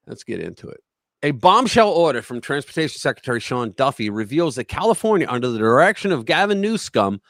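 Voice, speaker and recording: A male livestream host reading and reacting to news stories with a mocking, animated delivery. His pitch sits somewhat high and swings widely, and the sound is dry and close. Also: no echo. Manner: animated, mocking, tells anecdotes. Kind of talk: opinionated news commentary.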